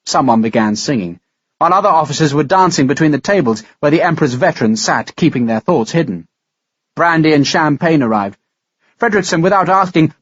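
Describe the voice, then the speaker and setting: A man narrating a historical audiobook in a measured, dramatic reading style. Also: a little high, a bit bright, husky, no room sound, muffled recording. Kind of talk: scripted narration.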